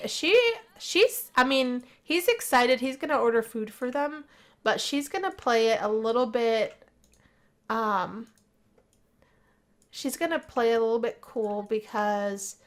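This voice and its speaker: A woman talks her way through a life-simulation game in a casual, chatty commentary. Her voice sits a little high, and she gets excitable and gushing over the story as it unfolds. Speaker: gameplay narrator. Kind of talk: casual let's play commentary.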